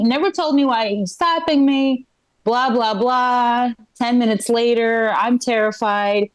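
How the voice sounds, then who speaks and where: A woman's voice: fairly high pitch, unhurried. A middle-aged woman from Ukraine, a stand-up comedian telling a rambling live story on a small club stage and checking in with the crowd.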